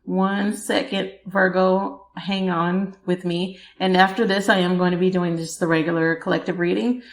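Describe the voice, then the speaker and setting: A woman's voice: on the low side, steady tone, normal speed. Chatty woman doing a tarot reading. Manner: chatty, laughs often, speaks straight to the listener. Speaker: podcast host, tarot reader. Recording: echoey room.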